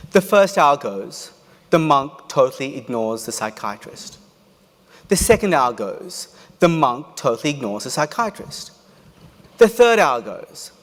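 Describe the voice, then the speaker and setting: A man delivers a motivational keynote with a lively, swooping voice, pitched a little high. He tells stories with humor and drama. His voice carries a long hall echo. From Australia. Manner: animated storyteller, humorous asides. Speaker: keynote speaker. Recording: echoey hall.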